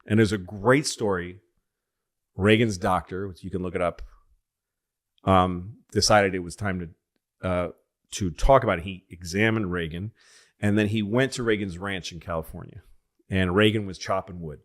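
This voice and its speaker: Low-voiced man telling rambling stories. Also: fairly even intonation, moderate pace. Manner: rambling, self-correcting, profane. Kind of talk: casual comedic storytelling.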